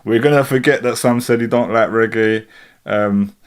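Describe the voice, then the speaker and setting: A man's voice: mid-range voice, normal speed, clean tone. Laid-back London man chatting live. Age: 30s. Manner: relaxed, rambling, keeps saying "do you know what I'm saying". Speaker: livestream host. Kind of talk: casual live reaction chat.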